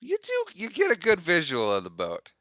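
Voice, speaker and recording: A man's voice: high voice, huge pitch swings, normal speed, fairly bright tone, no echo. A man co-hosting a podcast, recapping a film in casual, jokey chat. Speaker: podcast co-host.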